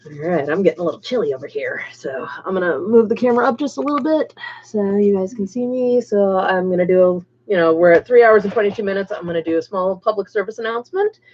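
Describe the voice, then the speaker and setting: A woman's voice: medium pitch, lively intonation, quick pace, a little mellow, highs cut off, a little hiss or hum. A woman hosting a casual livestream, chatting to viewers by name as she paints miniatures.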